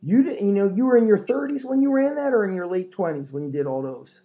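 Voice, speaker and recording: A man hosting a podcast, telling a story in an animated way, laughing and swearing often. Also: high-pitched, quick pace, phone-quality sound. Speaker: podcast host. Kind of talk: casual chat.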